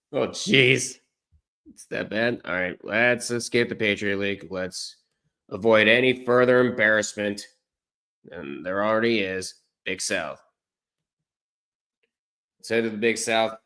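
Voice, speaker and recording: A man's voice: fairly low pitch, a bit bright. Rambling, self-correcting male streamer. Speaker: streamer watching college basketball. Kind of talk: casual live-stream commentary.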